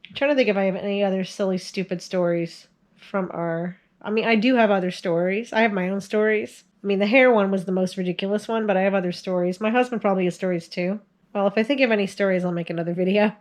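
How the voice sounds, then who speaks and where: A woman in her forties hosts a video, chatting casually to the camera about her family and laughing often. Her voice is medium-pitched with fairly even intonation, and she talks fast.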